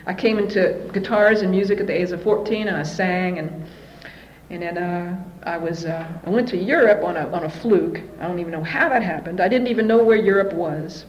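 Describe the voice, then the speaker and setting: A woman's voice: fairly low pitch, brisk, highs cut off, a little hiss or hum. Candid woman sharing a recovery story. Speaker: speaker sharing her story at a recovery meeting. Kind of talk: personal recovery testimony.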